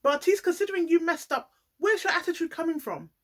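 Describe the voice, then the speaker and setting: A woman giving a casual, animated vlog commentary, playing up the drama and talking straight to her viewers. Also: extremely high pitch, brisk. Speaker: YouTuber reviewing a reality show.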